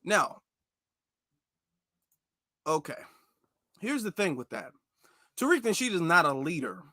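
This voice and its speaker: A man's voice: a little high, very animated, slow pace, bright, forceful tone, no room sound, studio quality. A man hosting a commentary show, reacting casually and emphatically, repeating his points. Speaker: commentary channel host.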